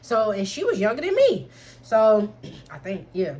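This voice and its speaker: A woman's voice: medium pitch, a little slow, a little hiss or hum. Frank young woman telling a storytime. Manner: frank, slangy, animated, keeps addressing listeners as y'all. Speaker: storytime vlogger. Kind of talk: candid storytime.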